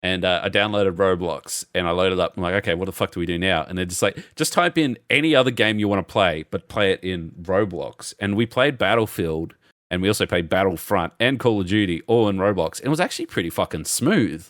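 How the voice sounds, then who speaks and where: A man's voice: deep voice, brisk, dry recording, clean studio sound. A man co-hosting a podcast, telling stories in casual chat, swearing a lot and acting out the quotes. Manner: animated storyteller, acts out quotes, swears a lot. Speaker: podcast co-host.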